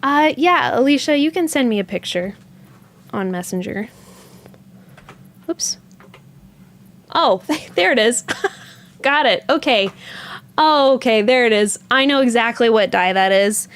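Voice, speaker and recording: A woman hosting a yarn shop livestream, chatting casually, thinking aloud and answering viewer comments as she goes. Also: on the high side. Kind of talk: casual live-stream chat.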